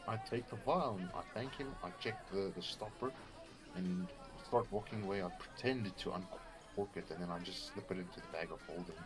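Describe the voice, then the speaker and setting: A man describing his moves as a player in a tabletop game. His voice is very deep. He speaks plainly, with music playing clearly behind him. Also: brisk.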